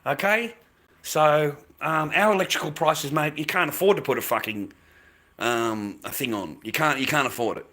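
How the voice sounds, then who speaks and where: A man's voice: on the high side, moderate pace, bright, forceful tone. A man with an Australian accent talking casually to his viewers, blunt and sweary, circling back and repeating his points as he rants. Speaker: livestream host.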